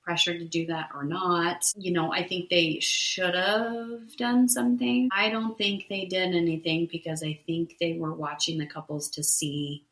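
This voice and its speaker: Low-voiced woman recapping in a roomy space. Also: little pitch movement, a little slow, hardly any pauses, fairly bright tone. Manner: recaps events step by step with many "um"s and "right?". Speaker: podcast co-host. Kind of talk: casual chat recapping a reality show.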